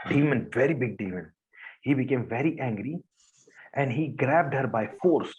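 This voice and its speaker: A man's voice: mid-range voice, darkish tone. Male devotional storyteller with simple, repetitive phrasing and a middle voice; dull, lo-fi audio. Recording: dull lo-fi recording.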